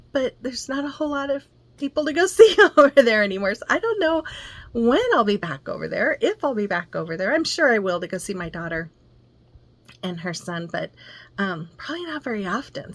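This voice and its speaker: An older woman talks casually from her home craft room. Her voice sits at an ordinary pitch. The recording is dry with no room echo, and she rambles chattily between craft steps. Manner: chatty, rambling, warm storytelling. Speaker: crafting channel host. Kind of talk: casual chat and craft tutorial.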